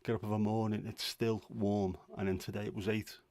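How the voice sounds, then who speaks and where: A man's voice: fairly low pitch, flat delivery, a little fast, a little mellow. A middle-aged man hosting a livestream from home, chatting casually in a grumbling, self-deprecating way. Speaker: livestream host. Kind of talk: casual chat.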